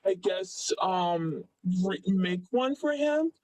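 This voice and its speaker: A young man telling a story casually as an interviewee, rambling with many fillers and animated retellings. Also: high-pitched, takes it slowly, no echo, low-quality recording.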